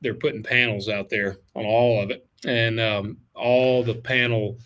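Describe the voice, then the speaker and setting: A man's voice: lowish voice, steady tone, a little slow, a bit bright. A man hosting a farming podcast in casual chat, informal and talkative, calling people man and dude. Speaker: podcast host reading listener emails.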